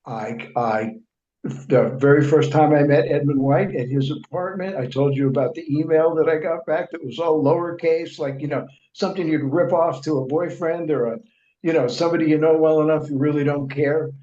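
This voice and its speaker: A man's voice: a little high, moderate pace, warm tone. A man who writes and reports, a guest in an interview, telling long anecdotes with many restarts and fillers and acting out what others said. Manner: acts out other people's remarks in quoted speech. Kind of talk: conversational storytelling in an interview. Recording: echoey room, dull lo-fi sound.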